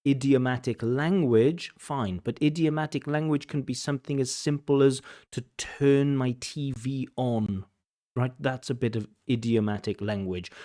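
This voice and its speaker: A man's voice: medium pitch, steady tone, warm tone. A man giving an examiner's commentary on a speaking test, explaining mistakes and repeating words for emphasis. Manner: emphatic, repeats for stress, slows down to make points. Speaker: IELTS examiner and teacher.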